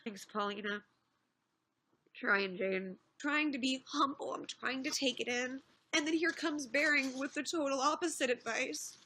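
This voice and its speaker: Bright-voiced woman chatting on a livestream. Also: high voice, unhurried. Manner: rambling, animated retelling with frequent restarts and swearing. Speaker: livestreamer reading chat. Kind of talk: casual livestream chat.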